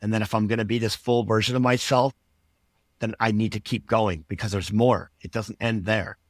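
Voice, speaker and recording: Earnest low-voiced man telling his story. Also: steady tone, moderate pace, no echo. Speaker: podcast guest. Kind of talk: personal story in conversation.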